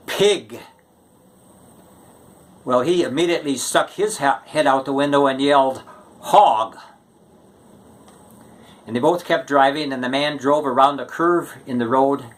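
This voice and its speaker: A man telling a string of short jokes in a casual, unhurried way, stretching the setups with pauses. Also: mid-range voice. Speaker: joke teller.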